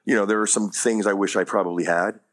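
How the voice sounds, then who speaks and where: A man's voice: lowish voice, steady tone, fast talker, fairly bright tone. A man talking as an acting coach in a casual interview, rambling with lots of "you know what I mean" and casual swearing.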